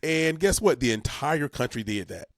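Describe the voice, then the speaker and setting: A man's voice: medium pitch, sing-song, normal speed, no room sound, clean studio sound. A man co-hosting a community talk show, explaining civics in an emphatic, folksy way and repeating words for emphasis. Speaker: co-host. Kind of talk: talk radio civics segment.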